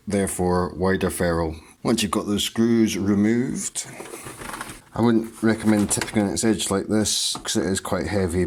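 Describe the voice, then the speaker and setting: A man's voice: low voice, slight background noise. A man hosting a hands-on repair tutorial, talking in clipped, terse step-by-step phrases. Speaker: host of a repair tutorial channel.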